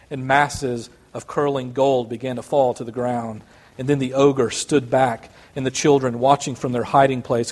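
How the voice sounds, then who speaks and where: A male pastor preaching a sermon and reading a story aloud, earnest and sometimes restarting words. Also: mid-range voice.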